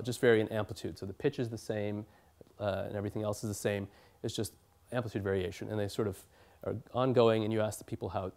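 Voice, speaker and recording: A man's voice: fairly low pitch, a little mellow. Man giving an academic lecture. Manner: explanatory, with fillers and restarts. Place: lecture hall.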